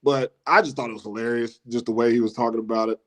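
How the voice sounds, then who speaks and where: A man, a former college football player telling casual stories as a guest on a live show, often restarting and laughing. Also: fast. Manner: animated storyteller who mimics his coach in a high voice, laughs often, many restarts.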